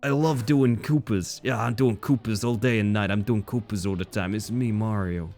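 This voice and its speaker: A man doing a deliberately hammy, low-effort impression of a cheerful Italian plumber. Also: darkish tone, faint music behind, natural voice. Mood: goofy.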